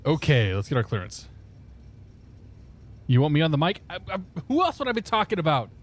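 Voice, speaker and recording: A man's voice: fairly high pitch, wildly swooping pitch, fairly quick. A man chatting casually on a live stream, laughing often and talking through his cockpit steps. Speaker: flight sim streamer.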